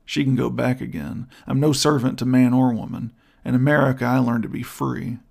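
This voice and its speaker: Male narrator doing a brooding, blunt hunter; gravelly, clipped, harsh delivery. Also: mid-range voice, steady tone, brisk, a little mellow. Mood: bitter. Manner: curt, harsh, abrupt replies. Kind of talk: audiobook character voice.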